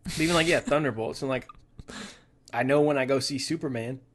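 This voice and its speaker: A young man with a Texan accent, co-hosting a movie podcast in a laid-back, joking way, often trailing off into a quieter voice. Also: mid-range voice, fairly quick. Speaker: podcast co-host. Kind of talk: casual chat.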